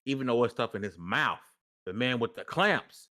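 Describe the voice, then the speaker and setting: A man's voice: mid-range voice, animated, moderate pace, bright, forceful tone. A man hosting a gaming podcast, talking in loose, slangy banter and hyping up his chat. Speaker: podcast host.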